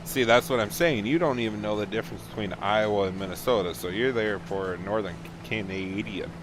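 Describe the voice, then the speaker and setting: A man's voice: lowish voice, fairly quick, noisy background. A man chatting casually and teasing viewers while streaming a farming game. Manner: relaxed, chatty, teasing chat. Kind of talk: casual gameplay livestream chat.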